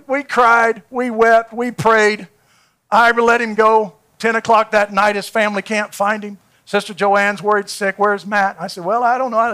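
A preacher with a high, bright voice tells a story from the pulpit of a church. His delivery swings from hushed, intimate asides up to loud, fervent peaks. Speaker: pastor. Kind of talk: sermon. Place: church sanctuary.

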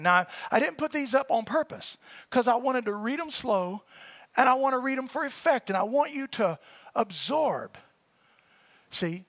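A male preacher reading scripture in a sermon, rising to shouted peaks and dropping to quiet asides. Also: normal speed, no echo. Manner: builds to high shouting peaks, then drops to quiet asides.

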